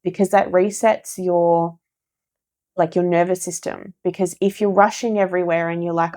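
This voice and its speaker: A woman giving a casual spoken tarot reading, gentle and encouraging, who repeats phrases for emphasis. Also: on the low side, steady tone, normal speed. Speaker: tarot reader.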